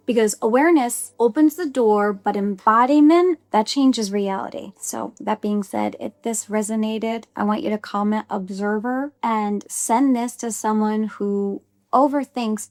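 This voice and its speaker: Middle-aged woman, upbeat self-help vlogger, fairly high voice, playful asides, dry close mic. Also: no room sound. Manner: chatty and animated, playful asides with laughs. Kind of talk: casual motivational talk to camera.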